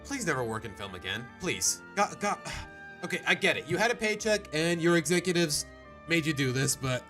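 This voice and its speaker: A man live-streaming his reactions to videos in casual, animated chat, groaning and laughing as he goes. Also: on the high side, normal speed, faint music behind.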